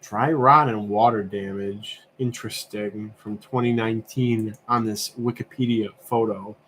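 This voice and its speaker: A man's voice: lowish voice, steady tone, unhurried, a bit bright, a little hiss or hum. A man hosting a livestream, thinking aloud in a casual, rambling way as he browses and asks himself questions. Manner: rambling, musing, self-questioning with fillers. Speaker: livestream host.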